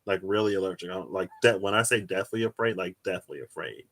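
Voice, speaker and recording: A young man talks loosely and rambles, drifting from one story to the next while he reads tarot on a live stream. His voice sits fairly low but sounds bright and forceful, and he breaks into squealing, high-pitched laughs. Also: quick pace.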